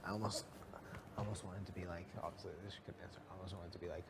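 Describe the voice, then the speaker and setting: Young man, very deep voice, quick halting speech, noisy live feed audio. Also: level tone. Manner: halting, restarts often. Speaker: reality show houseguest. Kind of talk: casual chat.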